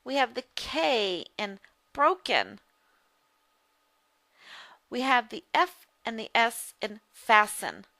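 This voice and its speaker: A woman teaching a phonics lesson, speaking deliberately and repeating each word for drill. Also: fairly high pitch, sing-song, vocal fry, sharp tone, no echo. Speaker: reading teacher.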